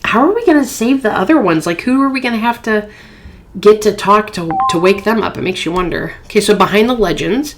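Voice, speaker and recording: A woman's voice: medium pitch, expressive, fairly quick, slight background noise. A woman hosting a phone game playthrough, reading chat messages aloud in a playful, chatty way. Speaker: gaming channel host.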